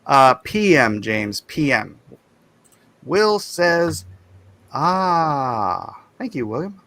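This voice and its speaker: A man hosting a casual livestream, chatting and reading viewer comments aloud in animated bursts. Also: a little high, extremely slow. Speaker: livestream host.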